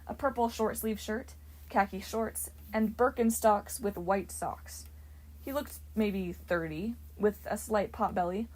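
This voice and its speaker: A woman narrating a fantasy novel in an expressive storybook reading. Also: medium pitch, rough recording. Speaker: audiobook narrator. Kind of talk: audiobook narration.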